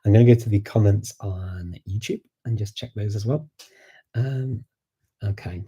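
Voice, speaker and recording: His voice is lowish, mellow, and breathy, at a normal pace, with the highs cut off in the recording. He's a man from Liverpool, England, with a Scouse accent, rambling casually about learning languages in a livestream Q&A, with many fillers and restarts.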